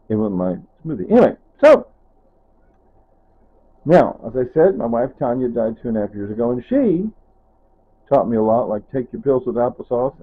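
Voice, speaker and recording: A man's voice: medium pitch, slightly rough. A man talking casually to camera in his home kitchen, rambling and wandering off topic, often trailing off with "anyway" and "whatever.". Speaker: vlogger. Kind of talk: casual kitchen vlog narration. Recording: tinny phone-like sound.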